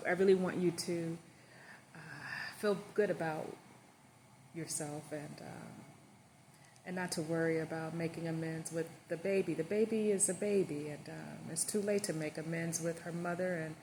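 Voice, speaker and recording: A woman voicing a hesitant husband and father who stammers and speaks low and gently. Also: steady tone, moderate pace, a little hiss or hum. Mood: hesitant gentle.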